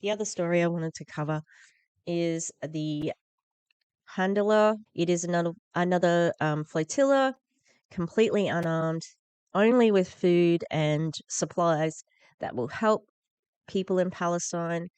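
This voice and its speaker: A woman's voice: fairly low pitch, measured pace, darkish tone, clean tone, no echo. A woman hosting a political commentary podcast, reading the news aloud and reacting in a heated, blunt, profane way with sarcastic asides.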